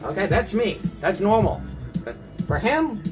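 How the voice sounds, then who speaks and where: A man livestreaming from his apartment, rambling through profane, animated stories in casual chat. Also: high-pitched, unhurried. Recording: loud music playing under the voice.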